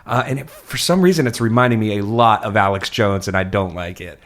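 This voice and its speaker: A man's voice: lowish voice, a little fast, a bit bright. A man co-hosting a podcast in casual comedic chat, laid-back and joking, with frequent ums and laughs. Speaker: podcast co-host.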